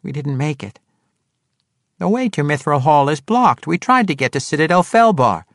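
A man voicing a small, frightened and injured male halfling with a squeaky, breathless voice. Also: big pitch swings, normal speed, no echo, studio quality. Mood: urgent.

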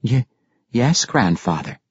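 A man's voice: medium pitch, big pitch swings, a little slow, no room sound, dull audio. A man voicing a nervous, stammering woman fishmonger who defers to a powerful customer in an audiobook.

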